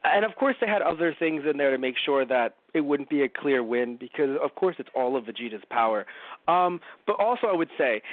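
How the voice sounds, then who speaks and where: A man on a podcast, chatting loosely about a cartoon and tossing in quick impressions of its characters as he goes. His voice sits a touch high. The sound is dry and narrow, as if heard over a phone line. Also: lively intonation, no echo. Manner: rambling, acts out characters in quick asides. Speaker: podcast co-host. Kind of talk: casual anime review chat.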